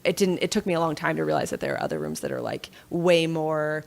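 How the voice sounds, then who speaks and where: A woman's voice: low voice, wildly swooping pitch, fast, darkish tone. A woman writer chatting casually as a podcast guest, self-deprecating and laughing often. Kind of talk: casual interview chat.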